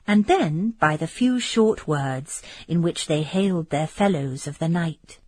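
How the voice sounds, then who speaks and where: Breathy woman reading an audiobook. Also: lowish voice, darkish tone, no echo. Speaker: audiobook reader. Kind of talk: audiobook narration of a Gothic novel.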